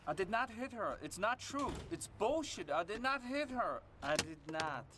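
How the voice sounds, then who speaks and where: An actor playing a brooding man in a film scene, speaking with an odd, hard-to-place accent and a flat, stiff delivery. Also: high-pitched, normal speed, noisy background. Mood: defensive. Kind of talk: film dialogue. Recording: film clip played under a stream.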